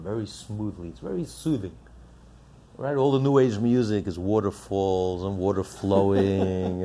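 Impassioned husky male preacher. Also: lowish voice, mellow. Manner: impassioned, builds up with rhetorical questions. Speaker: religious teacher. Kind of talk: sermon.

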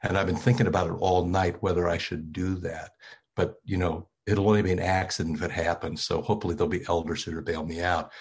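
A man's voice: deep voice, little pitch movement, fast talker, slightly rough. An older man, a pastor, preaching a sermon in a conversational, self-deprecating way with frequent fillers.

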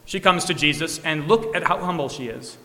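Guy preaching a sermon, bright voice a bit high, long church echo. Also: brisk. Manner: earnest, with rising emphatic peaks and soft low endings. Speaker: pastor.

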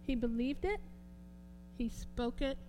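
A woman preaching a sermon, fervent and swinging from quiet talk to loud exclamations. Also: a little high, expressive, slow pace, slight background noise, poor audio.

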